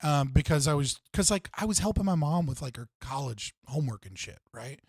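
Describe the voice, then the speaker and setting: Casting note: male livestream host, a touch higher-pitched, profane and rambling, dry close mic. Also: expressive, fairly quick, darkish tone, breathy edge, no echo. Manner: profane, rambling storytelling with frequent fillers. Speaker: streamer host. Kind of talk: casual livestream chat.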